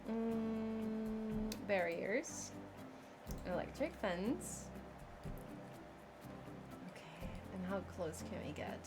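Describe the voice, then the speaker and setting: A woman's voice: mid-range voice, extremely slow, pauses often, loud music behind the voice. A woman streaming a zoo-building game live, chatting, exclaiming in frustration, laughing and thanking viewers by name. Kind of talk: live gameplay stream chat.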